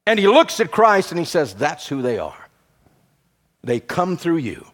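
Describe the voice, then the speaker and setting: A man preaching a sermon, swinging between emphatic, rising declarations and hushed, low passages. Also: sing-song, measured pace. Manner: preaching with rising emphatic bursts and quiet drops.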